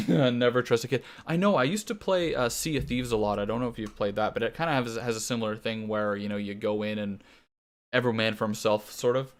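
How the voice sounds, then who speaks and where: A man's voice: medium pitch, fairly quick. A young Canadian man chatting casually and swearing freely while streaming a game, laughing now and then. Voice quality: casual, profane, laughs often. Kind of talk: casual gaming stream chat.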